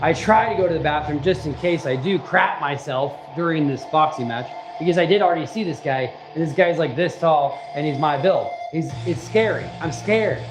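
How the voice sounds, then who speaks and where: A man casually telling a personal story, animated and repetitive, acting out what people said and the punches. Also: on the high side, moderate pace, hardly any pauses, reverberant, over music.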